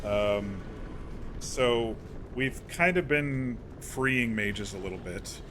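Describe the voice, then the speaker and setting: A man's voice: medium pitch, takes it slowly, noisy background. A man streaming a video game, giving casual gameplay commentary in a chatty, rambling recap full of self-corrections.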